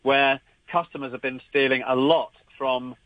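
A man's voice: medium pitch, steady tone, normal speed, dry recording. A man appearing as a regular radio guest, telling a story with many restarts. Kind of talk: radio chat. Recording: dry, dull remote line.

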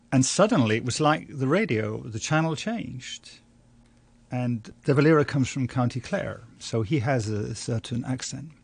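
An older man, a journalist and writer from London, telling a family story in an interview at a measured, reflective pace. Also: medium pitch, gravelly, breathy edge. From London, England. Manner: measured, anecdotal, with small restarts and light laughs.

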